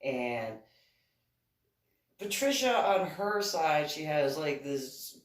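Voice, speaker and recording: A woman rambles slowly and casually through a personal story, with her speech full of "like" and "you know". Her voice bounces around an echoey room. She sits some distance from the mic. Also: low voice, sing-song. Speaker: author reading and commenting on her book.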